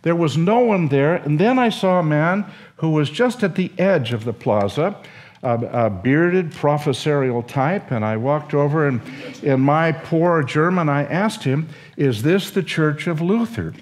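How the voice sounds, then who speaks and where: An older man lectures like a storyteller, taking his time over each phrase. His pitch rises and falls a lot as he acts out the quotes with feeling. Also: unhurried. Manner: animated, emotional storytelling with acted quotes. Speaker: seminary professor.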